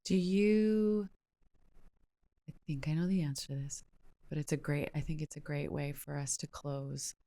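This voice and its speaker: A woman hosting an interview who asks her questions quickly and tentatively. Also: low-pitched, fairly even intonation, warm tone, no echo. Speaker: podcast host.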